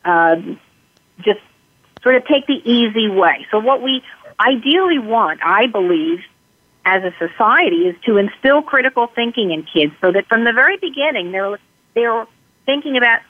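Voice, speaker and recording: A woman guest explaining parenting steps calmly, acting out sample lines she would say to a child. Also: on the high side, normal speed, dry recording. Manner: calm, explains in numbered steps, acts out sample dialogue. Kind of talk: interview answers. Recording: tinny phone-line sound.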